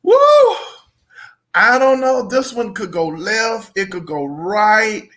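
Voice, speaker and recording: A woman hosting a casual chat, animated and laughing often as she draws out emphatic phrases. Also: medium pitch, slow pace. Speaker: podcast host.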